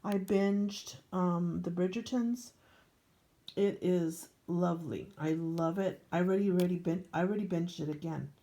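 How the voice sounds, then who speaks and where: Pitched fairly low and mellow, this older woman speaks at a moderate pace. As a scrapbooking vlogger flipping through her pages, she rambles casually, dropping in frequent ums.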